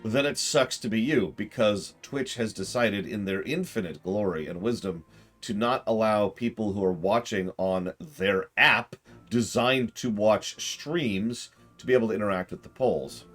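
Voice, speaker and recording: A man streaming a game, chatting casually with viewers in a sarcastic, excitable way and swearing now and then. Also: on the low side, a little slow, soft background music.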